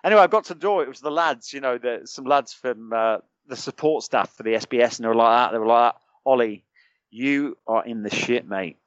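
A man's voice: mid-range voice, quick pace, few pauses, smooth, no room sound. A middle-aged British man, a former soldier, telling a long colloquial anecdote as a podcast guest and acting out the lines of other people in it. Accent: British English. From United Kingdom. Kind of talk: anecdotal storytelling. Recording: dry, slightly dull sound.

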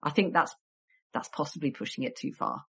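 Low-pitched woman guest on a history podcast, bit of a cold, chatty and wry. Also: fairly quick, breathy edge. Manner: chatty storytelling with wry asides. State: has a cold. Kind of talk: conversational podcast interview.

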